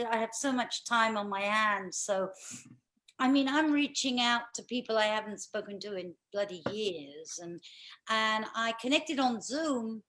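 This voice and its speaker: Older british woman, stand-up comic, slightly high voice, slow and unhurried, dry bawdy storytelling. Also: a bit bright. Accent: British English. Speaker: stand-up comedian. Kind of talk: stand-up comedy over a video call.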